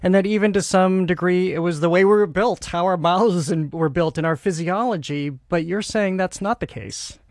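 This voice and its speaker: A man with a Boston accent hosts the interview and asks long, thoughtful questions that wander before they land. His voice sits a little high for a man. It is recorded dry and close, with no room sound. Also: normal speed, few pauses, a little mellow, no echo. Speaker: interview host.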